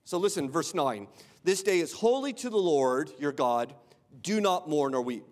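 A man's voice: on the high side, expressive, normal speed. A male pastor giving a conversational sermon, often asking rhetorical questions and repeating words as he goes. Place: church sanctuary. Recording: long hall reverb.

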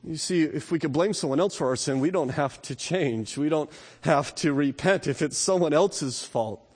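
A fairly high-voiced man preaches a sermon in a church, and his voice rings out with a long echo off the walls. He builds to loud, emphatic peaks, then drops low and slows down for his asides. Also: slightly rough. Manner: acts out quoted excuses in a muttering voice. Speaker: pastor. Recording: long reverb of a large hall.

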